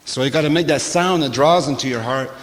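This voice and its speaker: An older man, a shaman, giving a sermon-like talk to a gathering in a church, with a rhythmic, repetitive cadence that swings from loud to hushed and wry, laughing asides. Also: mid-range voice, a little fast. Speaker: shaman speaker. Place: church hall. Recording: long hall reverb.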